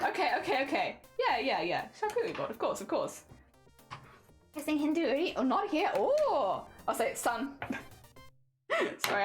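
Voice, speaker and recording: Lively high-voiced woman streamer. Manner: chatty, giggly, reading chat aloud. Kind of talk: casual livestream chat.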